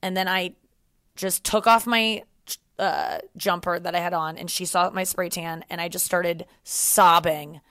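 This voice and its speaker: A woman's voice: lowish voice, measured pace, dry recording, clean studio sound. A woman in her thirties hosting a podcast, telling a story casually and acting out the voices of others. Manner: animated, acts out quoted voices. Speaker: podcast host.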